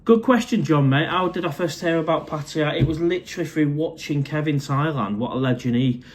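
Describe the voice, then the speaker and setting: A man's voice: a little high, a little fast. A man, casually chatting on a live stream from his condo, reading out viewer comments and calling everyone mate. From England.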